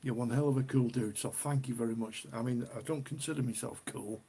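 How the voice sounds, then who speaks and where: A man's voice: medium pitch, fairly even intonation, fairly quick, dark tone, slightly rough. A middle-aged man from the UK hosting a casual beer live stream, chatty and rambling, often repeating himself. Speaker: beer livestream host.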